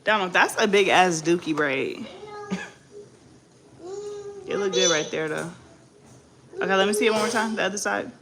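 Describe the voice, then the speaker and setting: A woman's voice: lowish voice, moderate pace, pauses often. Slangy woman, noisy room. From Bay Area, California. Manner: loose, slangy and joking, with bursts of loud scolding. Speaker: vlogger. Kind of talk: casual chat.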